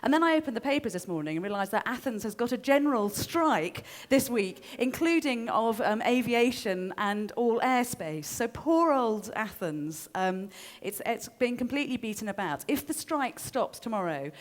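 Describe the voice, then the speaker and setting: A woman's voice: on the high side, expressive, normal speed. A woman in her forties giving an informal talk to a live audience, chatty and self-deprecating with frequent ums and restarts. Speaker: speaker giving a short stage talk.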